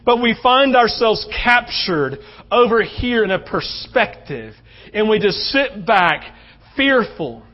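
A man preaching a sermon as pastor, telling a story with animated energy and dropping to soft, earnest tones. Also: high voice, lo-fi sound.

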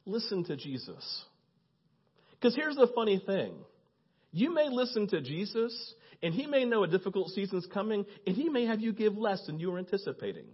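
A male pastor preaching a sermon, telling stories in a lively way and acting out the voices of the people in them. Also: high-pitched, husky. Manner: lively storyteller, acts out quoted voices, laughs often. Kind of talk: sermon with animated storytelling. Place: church. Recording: dull lo-fi sermon recording.

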